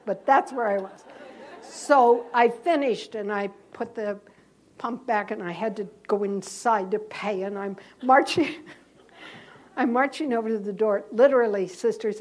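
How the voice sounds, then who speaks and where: A woman who is a Catholic nun, giving a talk to fellow sisters and telling a story in a lively, self-mocking way. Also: medium pitch, slight background noise. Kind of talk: storytelling sermon.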